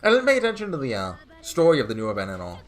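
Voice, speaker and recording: Lively man chatting through a game. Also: medium pitch, very fast. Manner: chatty, thinking aloud. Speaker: gamer. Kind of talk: let's play commentary.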